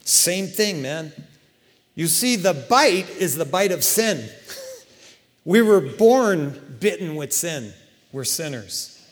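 A man preaching a sermon in a conversational, animated way, asking his listeners question after question. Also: fairly high pitch, takes it slowly. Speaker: pastor. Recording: long hall reverb.

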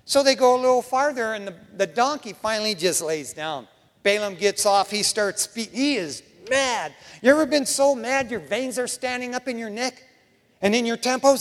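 High-voiced animated male preacher. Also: normal speed, in a large hall. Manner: animated storytelling, casual asides. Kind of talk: sermon.

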